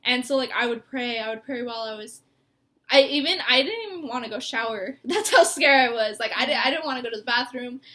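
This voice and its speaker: A woman's voice: fairly high pitch, lively intonation, brisk, fairly bright tone. A young woman in an emotional sit-down talk, rambling and laughing through tears. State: tearful. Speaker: co-host. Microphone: mic.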